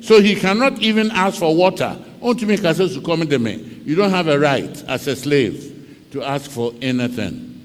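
A man's voice: high voice, a bit bright. A man with a Ghanaian accent preaching a sermon, telling a story dramatically and mixing English with Twi. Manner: dramatic storytelling, switching between English and Twi, acting out cries. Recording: long reverb of a large hall.

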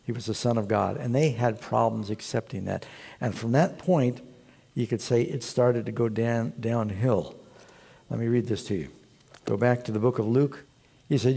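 A man preaching a sermon as pastor, telling the story with animated, storytelling delivery. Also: medium pitch, normal speed, slightly rough.

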